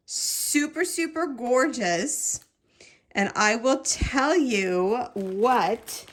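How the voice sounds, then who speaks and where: A woman crochet vlogger chatting through an excited unboxing, gushing and repeating her words for emphasis. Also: mid-range voice, takes it slowly.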